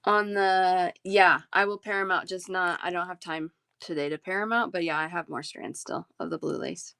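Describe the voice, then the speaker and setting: A woman's voice: on the low side, steady tone, normal speed, creaky, a bit bright, smooth. A woman hosting a live bead sale, chatting casually, answering viewers and rattling off prices and sizes. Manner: chatty, reads chat aloud and rattles off prices. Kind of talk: casual live-stream sales chat.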